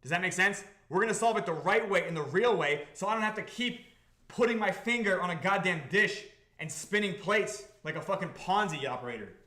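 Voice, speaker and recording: A man hosting a livestream about his crypto project, talking to the chat in an excitable, profane, repetitive way. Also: high-pitched, fairly quick, echoey room. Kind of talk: livestream talk to a chat audience.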